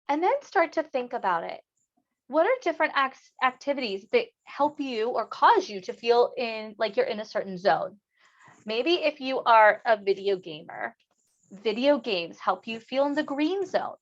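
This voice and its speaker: A woman's voice: on the high side, fairly bright tone, dull audio. A woman teacher giving a lesson on emotions, acting out feelings expressively for her students.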